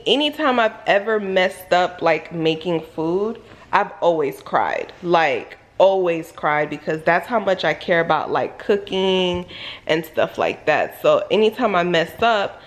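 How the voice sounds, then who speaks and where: A woman vlogger telling a personal story in a casual storytime monologue, full of "like"s and sudden high, loud exclamations. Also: unhurried. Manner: animated, filler-heavy retelling with many "like"s.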